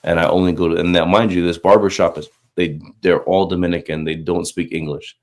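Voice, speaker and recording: A Marine recruiter in his thirties, low-voiced and fairly quick, tells a loose, chatty personal story about faith. His speech is packed with fillers and restarts, and he bursts into animated impressions of the people in his tale.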